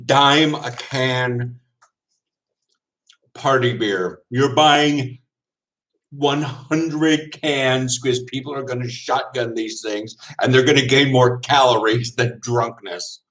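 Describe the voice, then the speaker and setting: A man's voice: mid-range voice, steady tone, slow, fairly bright tone, low-quality recording. A man from the United States chatting casually as a vlogger, wry and sarcastic. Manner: wry, sarcastic, laughs often. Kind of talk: casual chat.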